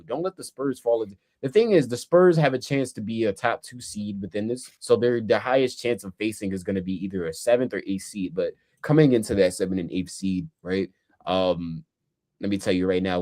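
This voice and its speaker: A man's voice: low-pitched, brisk, warm tone. A man co-hosting a sports podcast, giving rambling, laid-back analysis in casual chat. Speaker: podcast co-host.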